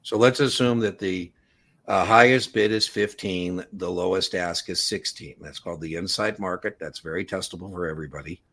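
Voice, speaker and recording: A man with a fairly low voice leads an exam prep class. He explains things casually and leans on everyday analogies to make his points. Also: moderate pace, creaky, a bit bright. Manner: casual explanatory, uses analogies and acted quotes.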